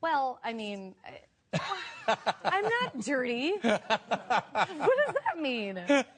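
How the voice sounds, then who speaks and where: A woman's voice: high-pitched, wildly swooping pitch, very slow, a bit bright. A young woman in her twenties, a talk show guest telling candid stories and laughing often. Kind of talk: casual chat.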